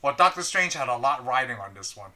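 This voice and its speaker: A young man co-hosting a casual podcast chat, animated, laughing often and acting out lines. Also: mid-range voice, a little fast. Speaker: podcast co-host.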